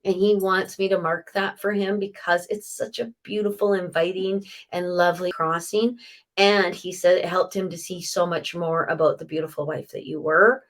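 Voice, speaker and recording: A middle-aged woman, a psychic medium, chatting through a live reading for viewers and passing on messages with quick asides. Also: on the low side, vocal fry.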